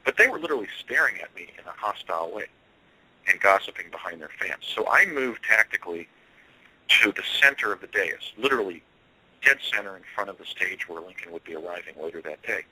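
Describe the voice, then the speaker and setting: Guy telling his story in an interview, kinda husky, lots of uh's, dry close sound. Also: sits low, lively intonation, pushed and bright, no room sound, low-quality recording. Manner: earnest, halting, with frequent fillers. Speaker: interview guest. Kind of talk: first-person storytelling in an interview.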